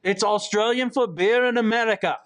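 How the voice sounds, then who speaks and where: A man's voice: high voice, brisk, fairly bright tone. A man co-hosting a racing podcast in casual, joking chat. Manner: joking, laughs often. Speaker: podcast co-host.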